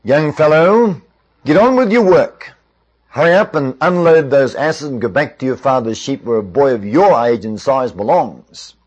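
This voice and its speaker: Gruff, impatient soldier brothers, as a storyteller puts them on. They speak in a rough, dismissive way, with a voice of middling pitch close to the narrator's own. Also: male voice, lively intonation, normal speed, highs cut off, natural voice.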